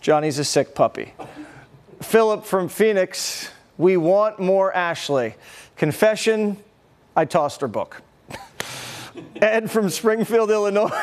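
Guy with a high voice joking his way thru viewer messages, laughs a lot. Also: animated, slow, pauses often. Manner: wry, laughs often. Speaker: show host reading viewer messages. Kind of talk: comedic talk show banter.

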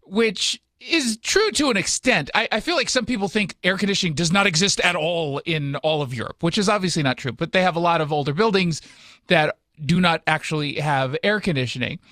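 American guy hosting a chat show, high voice, dry close sound, sarcastic and wry. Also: expressive, brisk, bright, forceful tone, no room sound. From United States. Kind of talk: casual commentary chat.

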